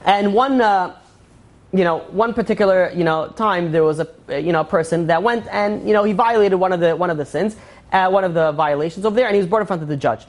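A man's voice: high voice, fairly quick. A male rabbi giving an informal Torah class, telling parables in a rambling way full of "you know" and acting out the characters' lines. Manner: rambling storyteller, many fillers, acts out quotes.

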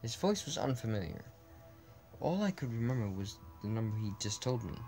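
A man's voice: medium pitch, very animated, fairly quick, darkish tone, soft background music. A man reading a text adventure game aloud as a let's play, often stumbling over words and breaking off with puzzled asides.

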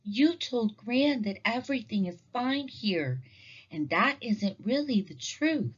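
A woman voicing an eager, chatty young girl bear cub in a storybook read-aloud, high and excited. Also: slow pace, husky, muffled recording, full character voice. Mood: protesting.

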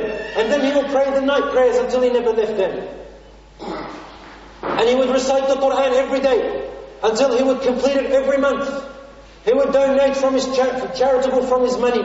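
A male preacher from Australia tells a moving story to his congregation, calling them brothers and sisters and slipping into Arabic phrases. His voice sits unusually high for a man. It was caught from well off the mic in a hall with long, heavy reverb, on a dull, muffled lo-fi recording. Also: a little mellow, recorded from a distance. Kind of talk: sermon storytelling.

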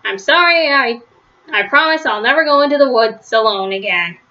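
A woman's voice: fairly high pitch, expressive, normal speed, bright, forceful tone, lo-fi sound. A woman voicing a small, frightened young turtle boy with a tiny, whispery, sniffly voice in a storybook reading. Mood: contrite.

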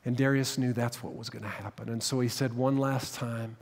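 A man preaching a sermon, telling the story dramatically and dropping to hushed tones at tense moments. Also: mid-range voice, steady tone, normal speed, vocal fry. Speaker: pastor. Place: church sanctuary. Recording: long reverb of a church hall.

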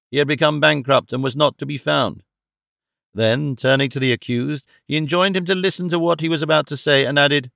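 A man narrating a classic novel as an audiobook with steady storytelling. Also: medium pitch, creaky, dry recording, clean studio sound.

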